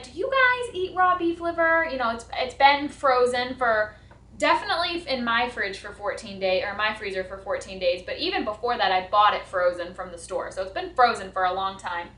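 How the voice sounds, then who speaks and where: A woman's voice: on the high side, sharp tone. Chatty young woman in an echoey kitchen. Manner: chatty, nervous, with restarts and giggles. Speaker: homestead vlogger. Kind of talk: casual kitchen vlog. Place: home kitchen.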